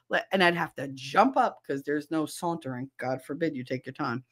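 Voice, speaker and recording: A middle-aged woman hosting a livestream podcast, chatting casually with viewers and telling animated stories with frequent swearing. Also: medium pitch, fairly quick. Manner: animated storyteller who swears freely.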